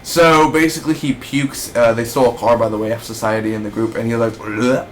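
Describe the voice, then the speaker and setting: A man hosting a casual TV show review, rambling excitedly and jumping between recap and opinion. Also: mid-range voice, fast talker, slight background noise. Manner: rambling, excitable, acts out characters in bursts.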